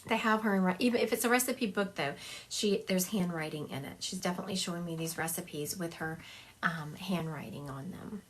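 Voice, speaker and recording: A woman's voice: lowish voice, fairly quick. A woman psychic medium doing a livestream reading over a phone, chatty, laughing often and acting out what spirits say.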